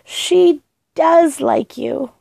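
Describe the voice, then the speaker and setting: A woman reading aloud and voicing a cheerful, kind young girl who chatters brightly and eagerly. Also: sits high, extremely slow, creaky, dry recording, studio quality, voice pushed up, exaggerated voice. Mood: excited. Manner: bright, chirpy and excited.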